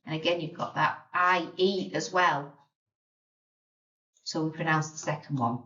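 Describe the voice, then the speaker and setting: A woman teaching a beginner language lesson, patiently sounding out and spelling words. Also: mid-range voice. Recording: roomy, distant, dull lo-fi sound.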